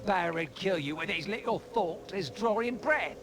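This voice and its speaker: An actor playing a gruff middle-aged male sewer thief guard with a British accent and rough folksy speech, in game voice acting. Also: high voice, lively intonation, normal speed, fairly bright tone. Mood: gruff warning. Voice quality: rough folksy dialect, calls people lad.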